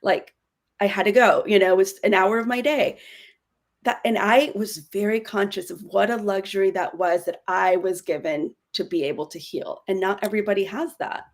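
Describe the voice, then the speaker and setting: A woman in her forties speaking earnestly as a podcast guest, with quick self-correcting bursts in candid conversation. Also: mid-range voice, steady tone. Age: 40s.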